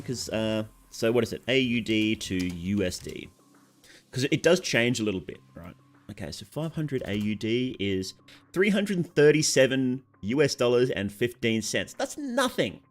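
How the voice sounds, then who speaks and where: A young Australian man with a sore throat chatting casually on a game stream, reading out chat and answering it. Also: medium pitch.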